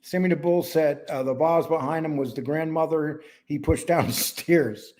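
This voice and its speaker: Speaking at a normal speed, a New Yorker with a New York–Wisconsin accent hosts a laid-back podcast. His voice is fairly high and darkish, and his talkative style wanders from one topic to the next.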